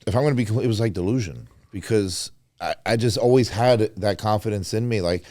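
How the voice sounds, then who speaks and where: A man's voice: lowish voice, brisk, no room sound, studio quality. A man, a pro bodybuilder guest on a podcast, talking candidly and casually, swearing and acting out what others said. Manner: candid, swears, quotes others in animated voices.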